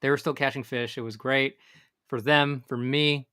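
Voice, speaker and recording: A man's voice: medium pitch, fairly even intonation, moderate pace, pushed and bright, clean tone. A man, co-hosting a casual fishing podcast and talking in a rambling way with many restarts. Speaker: podcast co-host. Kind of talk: casual chat.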